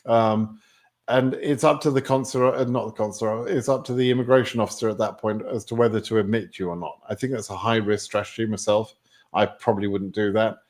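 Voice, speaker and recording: English man, live-stream Q&A host, lowish voice, rambling filler-heavy delivery. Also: steady tone, fairly quick, darkish tone. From England. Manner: chatty, many fillers. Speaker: host answering viewer questions.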